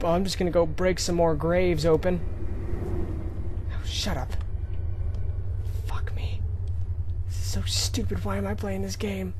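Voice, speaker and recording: A man's voice: fairly high pitch, steady tone, moderate pace, pauses often, noisy background. A man commentating a horror game, jittery and swearing, often dropping to scared whispers. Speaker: let's play gamer.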